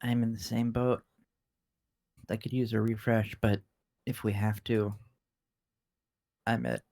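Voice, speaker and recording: A man at a tabletop game with a gravelly, mid-pitched voice, chatting in a relaxed way. The sound is dry and close. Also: unhurried, no echo. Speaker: player. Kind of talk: casual tabletop game chat.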